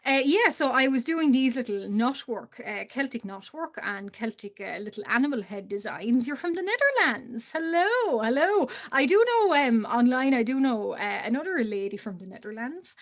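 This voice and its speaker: A higher-pitched Irish woman talks casually to her live chat as she draws. Her voice is stuffy from allergies, with the odd cough. She chats in loose bursts full of "uh" and quick hellos to viewers. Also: lively intonation. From Ireland. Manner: chatty, greets viewers, frequent fillers and laughs. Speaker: live-stream artist. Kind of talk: casual live-stream chat while drawing.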